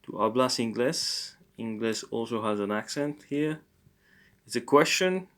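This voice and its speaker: A male language teacher walks through an informal lesson at an unhurried, deliberate pace. His voice sits at an ordinary middle pitch. He thinks aloud with plenty of hesitations and catches his own slips good-naturedly. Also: a bit bright. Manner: corrects his own mistakes good-humouredly.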